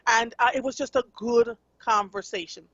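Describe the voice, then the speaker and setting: On live radio, a Jamaican woman host delivers an earnest, chatty monologue to her audience, using lots of fillers. Her pitch is on the high side, her tone steady, her pace moderate. There's no echo, and the sound is dry and a touch dull, as from a studio microphone.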